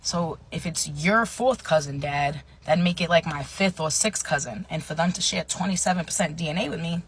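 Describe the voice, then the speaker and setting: A woman in her thirties telling a personal story in a chatty way, full of fillers and dropping into hushed asides. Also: low-pitched, normal speed, few pauses, slight background noise. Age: 30s. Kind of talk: casual storytime monologue.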